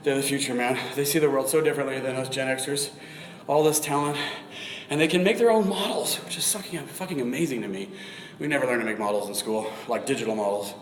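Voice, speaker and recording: Man, forties, live workout chat, breathy, swears, mid pitch, echoey reverberant room. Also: fairly even intonation, fast. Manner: chatty, swears, breathing heavy between sets. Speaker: fitness vlogger. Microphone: phone camera.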